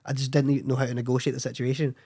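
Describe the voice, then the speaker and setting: A young Scottish man, a filmmaker guest, telling animated, sweary anecdotes in casual chat and laughing often. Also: mid-range voice, rapid-fire, slightly rough.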